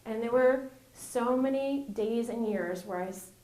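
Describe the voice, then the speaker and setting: A woman's voice: on the high side, measured pace, darkish tone. Earnest woman telling her story in a roomy space. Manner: earnest, conversational, laughs often. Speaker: interview guest. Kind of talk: candid personal storytelling. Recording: roomy echo.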